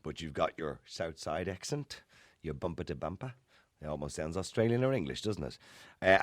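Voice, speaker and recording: A low-voiced man with a Dublin accent hosts late-night talk radio from a dry, close studio mic. He talks in a chatty, opinionated way, with a lively pitch and frequent rhetorical questions to his listeners. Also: fast talker, no room sound. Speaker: radio talk show host. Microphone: studio microphone.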